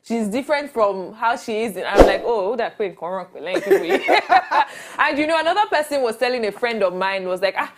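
A woman's voice: on the high side, expressive, normal speed, hardly any pauses, slight background noise. A young woman with a Nigerian accent, chatting as an interview guest. She is bubbly, laughs often and acts out the voices of people she quotes. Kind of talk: casual interview chat.

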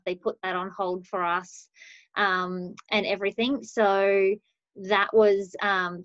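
An Australian woman telling her own story on a video call, relaxed and unhurried with many pauses. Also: medium pitch, no room sound. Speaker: guest speaker, business owner. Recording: dry dull lo-fi call audio.

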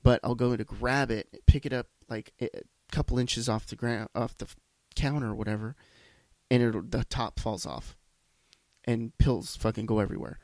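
A man's voice: mid-range voice, steady tone, moderate pace, darkish tone, dry recording. Congested, foul-mouthed male podcast host. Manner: profane, rambling, self-deprecating. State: congested from a sinus issue. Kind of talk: solo casual monologue. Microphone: podcast microphone.

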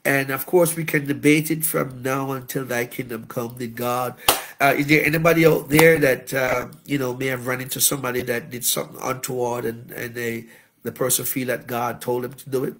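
A man, a bishop, preaches at a Bible study. He talks in an animated way, tells funny stories, and puts in frequent amens and shouts of praise. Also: medium pitch, fairly quick, slight background noise. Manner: humorous, anecdotal. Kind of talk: sermon.

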